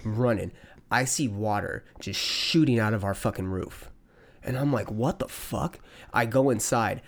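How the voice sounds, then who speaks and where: A man's voice: lowish voice, moderate pace. A man hosting a podcast, telling a long story in loose casual chat with lots of swearing and fillers. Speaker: podcast host.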